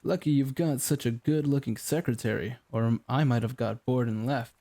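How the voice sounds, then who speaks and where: A man's voice: medium pitch, normal speed, mellow, close to an everyday voice. A man doing a sneering, arrogant company director. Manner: haughty, sneering. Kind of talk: audiobook character voice.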